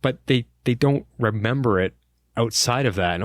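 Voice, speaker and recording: Man, podcast co-host, casual chat, asks questions, lowish voice, dry close sound. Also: moderate pace, no echo. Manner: relaxed, asks questions, short agreeing replies.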